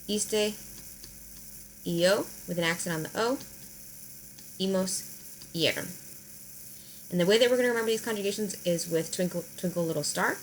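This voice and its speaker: A woman teacher, explaining verb endings in a recorded lesson, slowing down to spell them out. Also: medium pitch, fairly bright tone, slight background noise, low-quality recording. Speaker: high school Spanish teacher. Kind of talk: recorded video lesson at a whiteboard.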